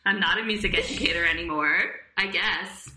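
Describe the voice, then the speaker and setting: A woman's voice: fairly low pitch, fairly quick, pushed and bright. A woman co-hosting a casual podcast, giggly and teasing, recorded through a computer microphone. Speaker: podcast co-host. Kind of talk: casual chat. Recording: echoey room through a computer mic, faint noise.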